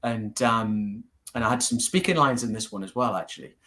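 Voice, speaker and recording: A man's voice: lowish voice, moderate pace. A man with a Geordie accent, a martial arts teacher, telling stories as a guest in a casual interview. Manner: storytelling, animated, laughs easily.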